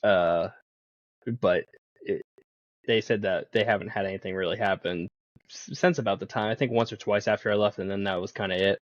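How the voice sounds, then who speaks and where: Podcast guest, a man with a lowish voice; loose, chatty storyteller, slightly muffled dry sound. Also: brisk, dry recording. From Pennsylvania. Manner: rambling, laughs often, swears casually. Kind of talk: casual storytelling.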